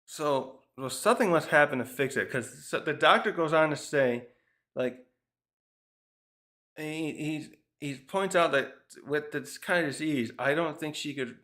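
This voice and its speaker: A man's voice: fairly high pitch, a little slow, bright, forceful tone. A man casually reviewing a manga chapter, thinking aloud with frequent restarts and fillers. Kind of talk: casual rambling commentary.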